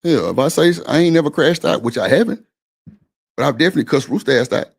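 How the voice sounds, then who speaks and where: A man's voice: fairly high pitch, animated, fast, gravelly, breathy edge. A man hosting a live-stream panel, arguing his point in a blunt, profane, insistent way. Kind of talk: heated casual argument.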